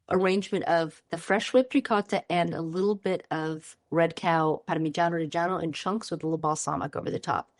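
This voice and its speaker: A woman's voice: medium pitch, dry recording, clean studio sound. A woman in her fifties, a chef guest on a podcast, chatting in a bubbly way and describing food lovingly. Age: 50s. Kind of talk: casual interview chat.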